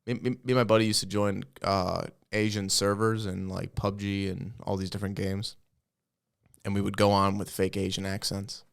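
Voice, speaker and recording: A man's voice: fairly low pitch, little pitch movement, normal speed, vocal fry, clean tone, dry recording, studio quality. A man in his twenties co-hosting a podcast, joking in an offhand, sweary way. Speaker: podcast co-host. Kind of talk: casual chat.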